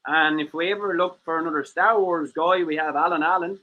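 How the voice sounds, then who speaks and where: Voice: medium pitch, fairly even intonation, brisk, phone-quality sound. A livestream host chatting casually, rambling and joking at their own expense. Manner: rambling, jokey, self-mocking.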